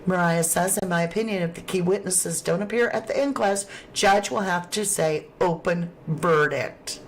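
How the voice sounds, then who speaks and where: Middle-aged woman, livestream host reading chat aloud, warm and affectionate delivery. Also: on the low side, normal speed, a little hiss or hum. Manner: affectionate, calls viewers sweetheart and lovelies. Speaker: true crime livestream host.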